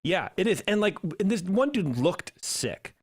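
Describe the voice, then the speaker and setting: A man's voice: sits high, normal speed, breathy edge, no room sound, clean studio sound. A man co-hosting a podcast, chatting casually and telling a story with acted-out quotes. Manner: animated storyteller, acts out quotes. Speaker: podcast co-host. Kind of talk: casual chat.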